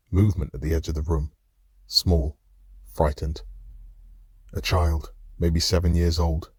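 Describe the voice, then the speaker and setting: A man narrating a dark fantasy audiobook in the first person, measured and somber. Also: low-pitched, husky, no echo, clean studio sound.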